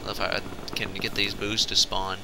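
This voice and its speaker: A man's voice: low-pitched, completely flat delivery, fairly quick, gravelly, sharp tone, slight background noise. A young man giving casual let's play commentary with chatty, mumbled asides.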